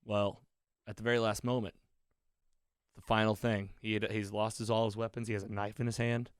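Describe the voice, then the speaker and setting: Podcast co-host, male, lower voice, dry close studio sound, rambling retell with fillers. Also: level tone, fairly quick, clear, resonant tone, dry recording. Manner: loose, rambling, with many fillers and quoted lines. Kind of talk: casual chat, retelling a TV episode.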